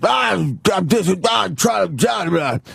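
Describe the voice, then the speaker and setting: Man putting on a drunk businessman, whiny, shouting, high strained voice. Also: lively intonation, slow, gravelly, husky, no room sound, soft background music, heavily acted. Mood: drunk yelling. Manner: yelling, whiny. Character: drunk belligerent businessman on a plane.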